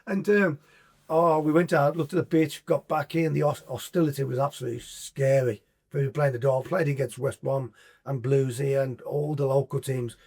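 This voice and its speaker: A man in his sixties with a Black Country accent, a podcast guest telling lively sweary anecdotes with sound effects. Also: medium pitch, normal speed. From English Black Country. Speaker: podcast guest, former footballer. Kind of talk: casual storytelling.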